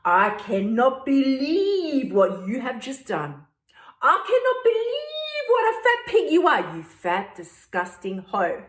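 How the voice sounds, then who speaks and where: A woman's voice: high-pitched, wildly swooping pitch, slow pace, full character voice. Woman voicing a sneering inner critic. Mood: scornful. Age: 50s. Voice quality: sneering, scornful. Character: cruel nagging inner critic voice, contemptuous. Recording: roomy echo.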